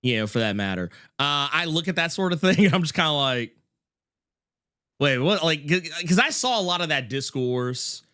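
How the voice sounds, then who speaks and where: Bright, lively, rambling male host. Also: a little high, clear, resonant tone. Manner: rambling, halting, restarts often. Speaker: podcast host. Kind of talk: casual interview chat.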